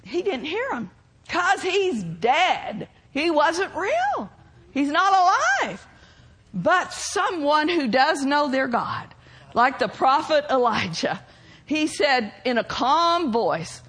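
A woman's voice: sits high, sing-song, slow pace, a bit bright. A woman preacher delivering a sermon to her church in an emphatic way, drawing out key words.

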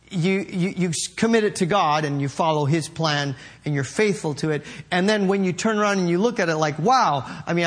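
High-pitched laughing preacher man. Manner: laughing hard between lines, storytelling with mimicked voices. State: laughing to tears. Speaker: pastor. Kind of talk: sermon.

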